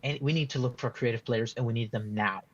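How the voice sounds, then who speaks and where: A man's voice: medium pitch, quick pace, lo-fi sound. Rambling frustrated football fan, man. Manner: rambling, frustrated, many restarts and "like" fillers. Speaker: football fan being interviewed. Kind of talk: casual post-match fan reaction.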